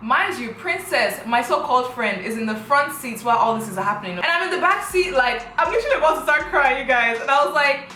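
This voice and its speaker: A woman's voice: high voice, lively intonation, fast talker, hardly any pauses, sharp tone, echoey room, slight background noise, low-quality recording. A young woman, animatedly retelling a personal story on her vlog, full of rhetorical questions. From Africa. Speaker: vlogger.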